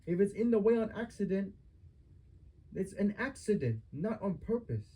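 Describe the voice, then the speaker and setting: A man's voice: sits high, sing-song, normal speed, dark tone, slightly rough, low-quality recording. A man giving a family member a heated lecture at home, stern and repetitive as he scolds.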